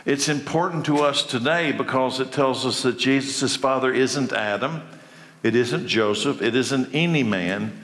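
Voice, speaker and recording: A man delivers a sermon with emphatic, measured phrasing, pausing dramatically and firing rhetorical questions at his listeners. His voice sits at an ordinary pitch for a man. It rings through a large, roomy hall with a long, trailing reverb. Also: a bit bright. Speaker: preacher.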